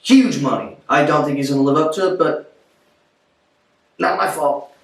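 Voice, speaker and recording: A man's voice: on the high side, moderate pace. A man giving blunt, offhand, opinionated football commentary in a vlog. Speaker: sports vlogger. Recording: roomy echo, distant from mic.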